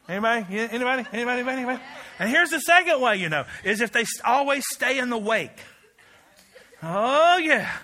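High, bright preacher man, animated. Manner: animated storytelling with acted-out voices and shouts; builds to loud shouts, drops to quiet asides. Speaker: pastor. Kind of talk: sermon.

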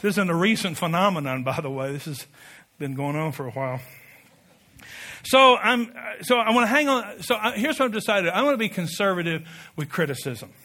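A man preaching a sermon with passion, building to loud peaks and dropping to quiet asides, leading the congregation in call-and-response. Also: high-pitched, animated, fairly quick. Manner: impassioned, rising to shouted peaks, drops to quiet asides. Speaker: pastor.

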